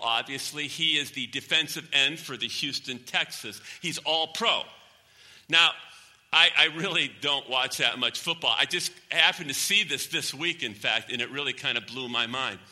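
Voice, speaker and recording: High, piercing male pastor, emphatic preaching, long hall echo. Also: sharp tone. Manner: emphatic, repeating key phrases. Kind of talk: sermon.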